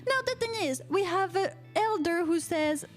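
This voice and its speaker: Woman, Quebec French accent, French native speaker, very high-pitched, playful theatrical radio host, live chat show, faint background music. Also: lively intonation, moderate pace. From Quebec, Canada. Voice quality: playful, theatrical, lots of uh-huhs and mm-hmms. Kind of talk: live-streamed chat show, reading viewer comments.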